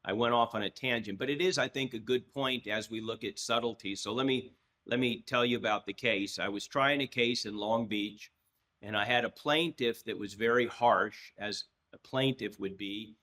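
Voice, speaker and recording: A man in his sixties, a trial lawyer, telling a story as a podcast guest, with frequent restarts and lively acted-out dialogue. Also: lowish voice, moderate pace. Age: 60s. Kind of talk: anecdotal storytelling in a podcast interview.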